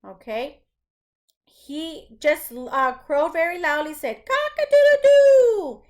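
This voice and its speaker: A woman's voice: high-pitched, slow, fairly bright tone. A woman teaching first grade, reading a story aloud and patiently explaining it to young children. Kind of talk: classroom read-aloud lesson.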